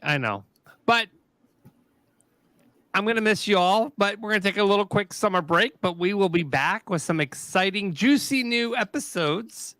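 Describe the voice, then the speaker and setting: A man's voice: high-pitched, lively intonation, moderate pace, pushed and bright, dry recording. A middle-aged man hosting a podcast, thanking guests and chatting casually about a summer break. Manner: upbeat sign-off, thanking guests. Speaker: podcast host. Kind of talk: casual chat.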